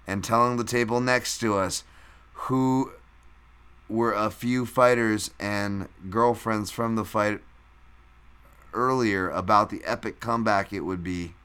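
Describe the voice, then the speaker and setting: Dude hosting a podcast live, rambly and loose, swears a bunch, low-ish voice with a bright edge. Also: male voice, fairly even intonation, slow pace, clean tone. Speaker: podcast host. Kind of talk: casual live-stream recap, reading chat.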